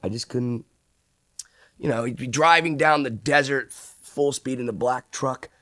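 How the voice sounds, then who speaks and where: A man, an actor, recalling film shoots in an animated storytelling way, acting out what people said. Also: mid-range voice, a little slow, no echo, studio quality. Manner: animated storyteller, acts out quotes.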